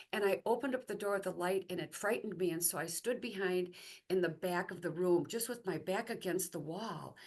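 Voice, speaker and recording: Guest, middle-aged woman, lower register; halting, conversational testimony. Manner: conversational, halting with fillers and restarts. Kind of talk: personal faith testimony told as a story.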